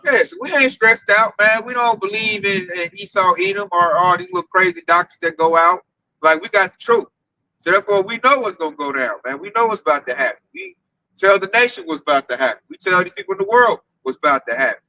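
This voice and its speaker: Animated street preacher, high bright voice. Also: male voice, brisk, dry recording, rough recording. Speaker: teacher leading a group discussion. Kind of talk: casual preaching to an online audience.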